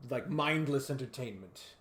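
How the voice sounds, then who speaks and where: A man's voice: mid-range voice, lively intonation, normal speed. A young man co-hosting a podcast, chatting casually, joking around and swearing freely. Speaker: podcast co-host. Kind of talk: casual chat.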